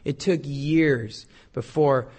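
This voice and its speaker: A middle-aged male pastor preaches a conversational, joking sermon, reading scripture aloud and moving between loud and quiet passages. He speaks slowly at a medium pitch.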